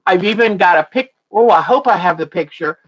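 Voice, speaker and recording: A woman's voice: fairly low pitch, expressive, fairly quick, husky, low-quality recording. A woman hosting a casual quilting livestream, gushing and exclaiming "oh" as she opens a package. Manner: gushing, exclaims "oh" often, chatty. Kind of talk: casual livestream unboxing chat.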